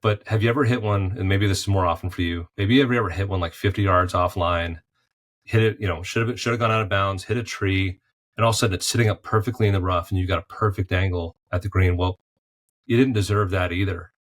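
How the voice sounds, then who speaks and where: A man's voice: sits low, steady tone, fast. A man, a podcast guest who left a golf career for art, talking through life in golf and faith analogies in a reflective, conversational way. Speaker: podcast guest, former golf pro turned artist.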